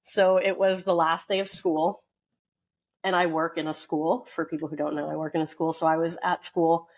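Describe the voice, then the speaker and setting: A woman co-hosting a podcast, telling a story in a chatty, animated way with plenty of fillers. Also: fairly low pitch. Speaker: podcast co-host. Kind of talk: casual storytelling chat.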